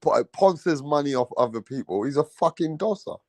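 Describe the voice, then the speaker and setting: This British man hosts a casual chat, talking with animation, swearing freely and mimicking other accents. His voice is a little high, he speaks at normal speed, and there's no room sound.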